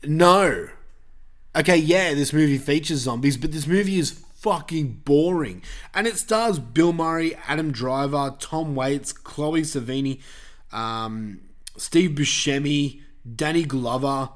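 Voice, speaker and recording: A man's voice: a little high, a little slow. A man hosting a podcast, chatting casually about films with blunt, sweary opinions. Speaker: podcast host reviewing films. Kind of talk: casual chat.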